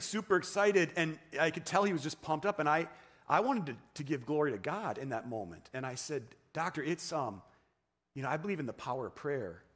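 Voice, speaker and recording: A man's voice: fairly high pitch, a bit bright. A man preaching in church, telling his own story in a conversational way, with many fillers and restarts. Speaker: pastor. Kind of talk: sermon testimony. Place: church sanctuary.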